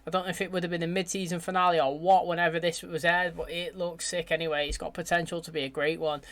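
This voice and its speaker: Reacting to a TV episode, a young Englishman talks in a chatty, animated way, often dropping "mate." He speaks fast, with a fairly high-pitched voice and an English accent.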